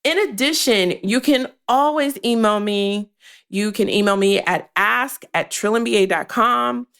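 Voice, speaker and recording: A woman's voice: fairly high pitch, unhurried, gravelly, a bit bright, clean tone. A woman with hosting a career podcast, speaking bluntly and animatedly to her listeners and swearing freely as she coaches them. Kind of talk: casual podcast monologue.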